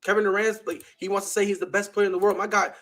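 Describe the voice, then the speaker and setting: A man's voice: high-pitched, flat delivery, rapid-fire, a bit bright. A young man hosting a sports talk show, delivering an emphatic, slangy opinion monologue full of rhetorical questions.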